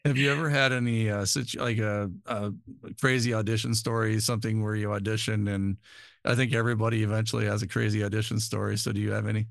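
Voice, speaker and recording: A man's voice: fairly low pitch, little pitch movement, fast talker, vocal fry, no room sound, studio quality. A man hosting a casual interview, asking rambling questions and offering short agreement. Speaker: podcast host.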